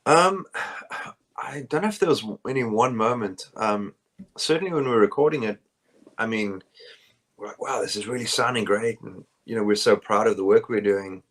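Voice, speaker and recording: Rambling South African man, low voice. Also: moderate pace, a bit bright. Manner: rambling, many fillers and restarts. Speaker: bassist, interview guest. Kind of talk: casual interview answers. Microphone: phone call.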